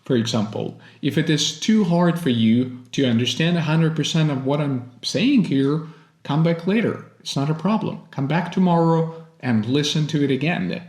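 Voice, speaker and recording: In an echoey room, a man with a fairly high, animated voice and a darkish tone teaches English. He is a native Russian speaker from Russia with an American accent, and his monologue is earnest and encouraging, with deliberate phrasing.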